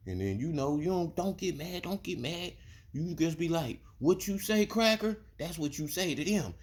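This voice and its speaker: A man's voice: on the high side, expressive, normal speed, pitched above the performer's own voice, lightly acted. A man imitating a condescending grown man from work, breezy and talking down. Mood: patronizing.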